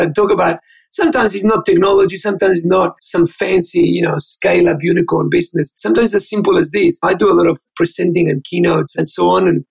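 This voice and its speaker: A man's voice: high voice, creaky, breathy edge, poor audio. A man, a guest in an interview, telling stories with enthusiasm and acting out the dialogue. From Australia. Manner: enthusiastic, fast, acts out dialogue. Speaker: interview guest, keynote speaker. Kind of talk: animated storytelling.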